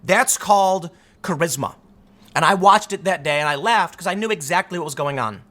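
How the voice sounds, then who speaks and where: A man's voice: high-pitched, animated, normal speed, bright, forceful tone. A man hosting solo political commentary, talking emphatically and arguing his point. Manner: emphatic, argumentative, acts out quotes in other voices.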